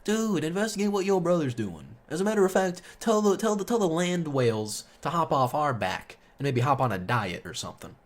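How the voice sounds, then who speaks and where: A man's voice: fairly high pitch, big pitch swings, brisk, hardly any pauses. A young man telling a casual storytime monologue, rambling and swearing, full of fillers, heating up when indignant. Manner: rambling, profane, heavy on fillers; gets loud and heated when indignant.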